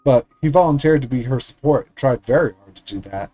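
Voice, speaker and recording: A male streamer reads the story narration of a visual novel aloud in an earnest, steady way, stumbling now and then. His voice is mellow and unforced at an average pitch. Quiet game music plays in the background. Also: brisk, poor audio. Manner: steady, earnest reading with small slips.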